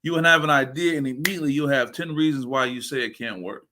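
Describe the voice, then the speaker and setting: A man in his forties, a sports coach giving an energetic, preacher-like motivational talk on a livestream and answering viewer comments as he goes. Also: medium pitch, quick pace. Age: 40s.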